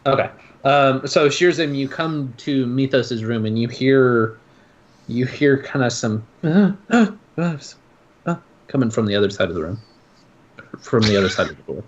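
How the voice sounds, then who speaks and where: Halting man running a tabletop game. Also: medium pitch. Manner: halting, many filler sounds. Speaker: game master. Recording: dull lo-fi recording.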